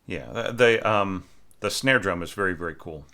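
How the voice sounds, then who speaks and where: Low-voiced male music teacher, bright forceful tone, casual score critique, scats rhythms. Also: expressive, normal speed, creaky. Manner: thinking aloud, many fillers, sings rhythms as syllables. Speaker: orchestration teacher reviewing a student score.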